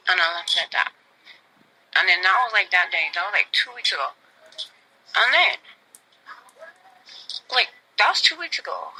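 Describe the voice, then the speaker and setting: A woman's voice: medium pitch, expressive, normal speed, long pauses, pushed and bright, slight background noise, low-quality recording. A young woman hosting a radio show, telling a personal story in a rambling, emotional way and dropping to a near whisper when moved. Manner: rambling, repeats "I said" and "like".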